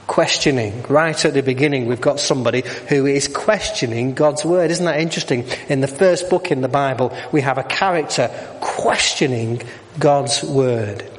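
A man's voice: mid-range voice, moderate pace, slight background noise. A middle-aged man preaching a sermon, asking the congregation questions and slipping in jokes. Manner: jokey, asks the congregation questions. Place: church. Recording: long hall reverb.

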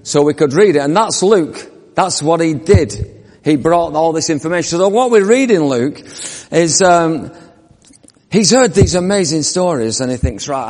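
A man preaching a sermon, telling the story vividly and asking the congregation questions. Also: sits high. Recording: long reverb of a church hall.

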